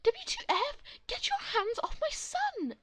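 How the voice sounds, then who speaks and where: A woman voicing an angry, protective mother who yells in outrage in defense of her son, in a read-aloud story. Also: extremely high pitch, sing-song, unhurried, no room sound, pitched above the performer's own voice, exaggerated voice. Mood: outraged. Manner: yelling, outraged.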